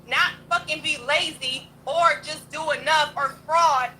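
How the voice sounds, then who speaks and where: A young woman with a high, sharp, bright voice goes off on a livestream rant. She talks bluntly and combatively, swearing freely as she hosts her stream. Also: fairly even intonation, a little slow, slight background noise, poor audio. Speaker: livestream host.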